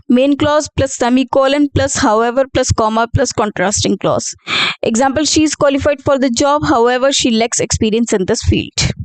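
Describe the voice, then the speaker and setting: A woman's voice: high-pitched, no room sound, rough recording. A woman teaching an English grammar lesson, reading out example sentences and explaining them with fillers and self-corrections.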